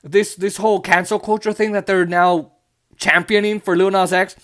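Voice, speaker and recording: A man's voice: high voice, level tone, moderate pace, fairly bright tone. A young man hosting a podcast, ranting in an exasperated, sarcastic way and swearing often. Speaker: podcast host. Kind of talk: ranting political commentary.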